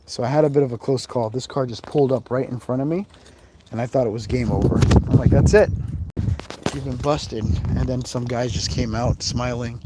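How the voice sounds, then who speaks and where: Against a noisy background, a man with a medium-pitched, steady voice talks fairly quickly. He's exploring a cemetery outdoors on a live ghost-hunting stream, keeping the chat casual and rambling, with laughter and asides.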